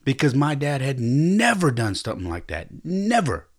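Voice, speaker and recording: A man's voice: mid-range voice, wildly swooping pitch, normal speed. A man hosting a podcast, telling a personal story in a reflective, earnest way, often stopping and restarting his sentences. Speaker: podcast host.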